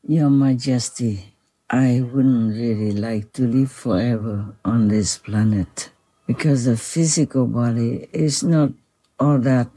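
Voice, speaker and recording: Soft-spoken, reverent, slow speaker. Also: medium pitch, breathy edge, rough recording. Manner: soft-spoken, reverent, humble, with gentle laughs. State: voice a little strained. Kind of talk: devotional spoken dialogue.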